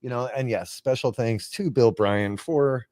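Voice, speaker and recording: A man's voice: mid-range voice, unhurried, darkish tone, dry recording, clean studio sound. A man co-hosting a live stream from his home workshop, rambling casually and laughing easily. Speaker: co-host.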